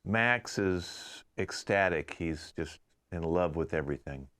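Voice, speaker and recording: A man's voice: deep voice, lively intonation, measured pace, fairly bright tone. A man co-hosting a live online improv show, making wry, rambling asides over a video call. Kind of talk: joking co-host banter.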